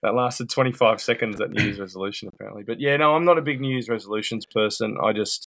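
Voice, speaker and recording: A man's voice: on the low side, fast, gravelly, fairly bright tone, dry recording. Blunt sweary New man. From New Zealand. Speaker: podcast co-host. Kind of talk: casual banter. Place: home, over a video call.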